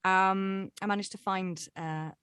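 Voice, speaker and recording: A woman's voice: medium pitch, fairly even intonation, measured pace, fairly bright tone, clear, resonant tone, no room sound, studio quality. A bubbly, chatty woman with an English accent from England, a guest on a podcast talking casually. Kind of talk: casual interview chat. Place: home in East London.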